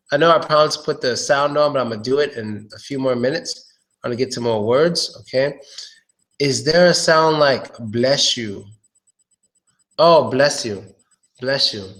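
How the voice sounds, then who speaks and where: A man giving a casual live-streamed pronunciation lesson. He repeats words slowly and curses offhandedly. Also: a little high, a bit bright. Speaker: English pronunciation tutor.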